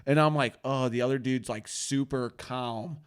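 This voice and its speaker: A man hosting a casual chat, telling a wild story full of swearing and loudly acted-out quotes. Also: medium pitch, moderate pace, clean tone. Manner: profane, animated storyteller, acts out quotes loudly. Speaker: host.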